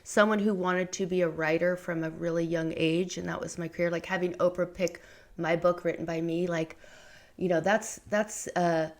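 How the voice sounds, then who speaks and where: Middle-aged woman on a podcast, lowish voice, rambly and candid, lots of likes and you knows. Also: fairly even intonation, moderate pace. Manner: candid, rambling, many fillers and restarts. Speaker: podcast guest, memoir author. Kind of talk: conversational interview.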